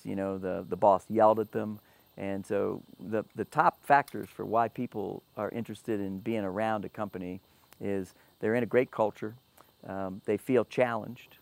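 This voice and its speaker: A man's voice: lowish voice, creaky, no echo. A man talking earnestly as a guest about running a business and treating staff well. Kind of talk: casual panel talk.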